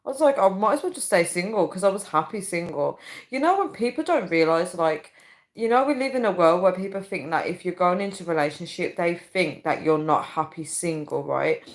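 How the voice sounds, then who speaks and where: A woman's voice: lowish voice, expressive, a little fast. Chatty laughing woman livestreamer. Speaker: livestream host. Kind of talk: casual livestream chat reading comments.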